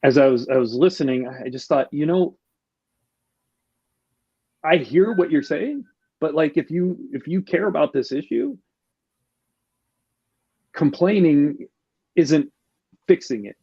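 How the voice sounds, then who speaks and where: A man's voice: a little high, lively intonation, vocal fry, breathy edge, no echo, lo-fi sound. A male podcast guest talking casually and reflectively, often restarting his sentences. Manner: reflective, halting, many restarts. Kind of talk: casual conversation.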